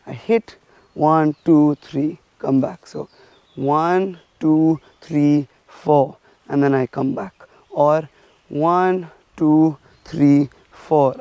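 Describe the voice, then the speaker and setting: A man from India teaches a stick-fighting drill, explaining each step and counting the strikes out loud as he demonstrates. His voice sits somewhat high yet sounds mellow. The recording is dry, with little room sound. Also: dry recording. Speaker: martial arts instructor.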